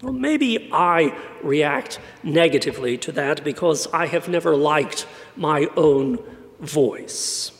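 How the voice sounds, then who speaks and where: A man's voice: fairly high pitch, expressive, slow. A man from San Antonio preaching a sermon in a wry, conversational way. His light voice is often mistaken for British. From San Antonio, Texas. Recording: long church reverb.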